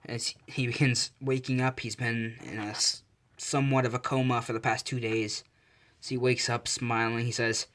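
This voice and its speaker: A man's voice: mid-range voice, flat delivery, moderate pace, a bit bright. A man narrating a fan fiction story casually, often correcting himself mid-sentence.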